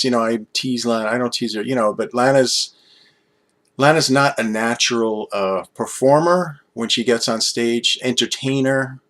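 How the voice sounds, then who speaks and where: Older male vlogger, 60s, lower-pitched, casual rambling delivery full of restarts, slightly worn out. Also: a bit bright. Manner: chatty, self-deprecating, trailing off and restarting. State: tired after a late night. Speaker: YouTube vlogger.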